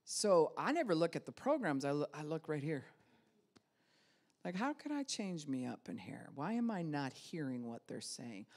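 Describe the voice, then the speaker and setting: A woman's voice: low-pitched, very animated, moderate pace, darkish tone. A woman pastor giving a casual spiritual teaching talk, conversational, with many rhetorical questions and light laughs.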